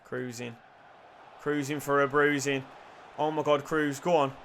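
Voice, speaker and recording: A young man commentating his own football video game, excitable, muttering and then shouting, swearing and joking. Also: mid-range voice, unhurried, a little hiss or hum. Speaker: gaming YouTuber. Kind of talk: live gameplay commentary.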